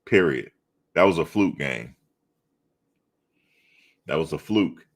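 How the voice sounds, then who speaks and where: Deep-voiced guy shooting the breeze about college football, slangy and animated, keeps repeating himself to the chat. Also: takes it slowly. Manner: animated, repetitive, slangy banter with viewers. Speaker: live show host reading chat. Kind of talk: casual sports chat.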